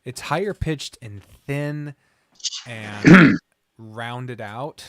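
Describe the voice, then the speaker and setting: A man's voice: mid-range voice, lively intonation, drawn-out words, fairly bright tone, dry recording. A man with a Midwestern accent chatting casually on a stream, rambling and trailing off with ums. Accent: Midwestern American. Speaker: streamer and visual novel narrator.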